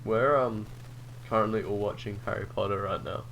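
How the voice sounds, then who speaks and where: A man's voice: fairly low pitch, fairly even intonation, moderate pace, a bit bright, slight background noise, poor audio. A young man co-hosting a podcast in a laid-back, easygoing casual chat. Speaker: podcast co-host.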